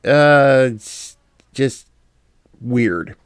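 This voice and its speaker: A man's voice: medium pitch, expressive, extremely slow, smooth, no room sound, studio quality. A man hosting a casual podcast chat, telling anecdotes and laughing often. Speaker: podcast host.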